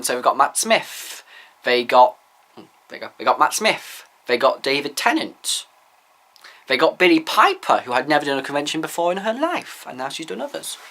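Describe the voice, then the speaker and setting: A man's voice: mid-range voice, sharp tone. A man giving candid, opinionated views in a rambling casual vlog. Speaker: vlogger.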